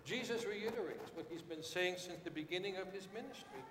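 A man preaching a sermon with dramatic swings, rising to shouted quotes and dropping low and quiet. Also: expressive, a little fast, reverberant, big-room sound, background noise.

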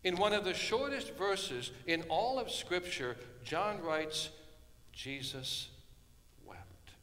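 Preacher guy, kinda high voice, real slow and dramatic, goes quiet then booms. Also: sing-song. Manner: dramatic storytelling, swinging from hushed to loud. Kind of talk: sermon. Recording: long hall reverb.

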